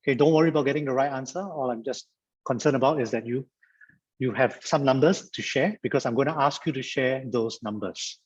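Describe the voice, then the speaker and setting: A man from Singapore leads a mediation workshop over a video call, his voice husky and the sound a little dull. He repeats phrases and banters like an auctioneer, keeping a lively classroom pace. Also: mid-range voice, brisk. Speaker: guest speaker at a mediation training. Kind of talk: interactive online lecture.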